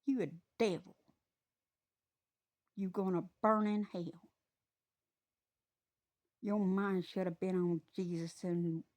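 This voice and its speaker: A woman delivering a stern, scolding preaching monologue that rises into loud, fiery preaching. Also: mid-range voice.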